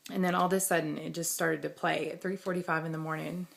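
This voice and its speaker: A woman's voice: sits low, little pitch movement, fast, gravelly, a little hiss or hum. A woman, talking casually and rambling in a vlog, laughing often. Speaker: vlogger.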